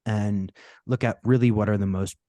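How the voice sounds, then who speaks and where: A middle-aged man, a podcast guest, explaining his work in relaxed interview chat with a touch of self-deprecating humor. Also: on the low side, moderate pace, dry recording. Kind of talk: casual interview talk.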